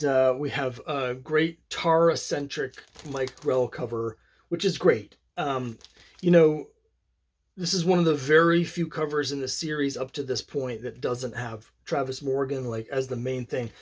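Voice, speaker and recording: In a mid-range, expressive voice that moves a little slowly, a man talks casually on his own about his comic collection. He rambles and voices strong opinions, filling his speech with fillers and restarts.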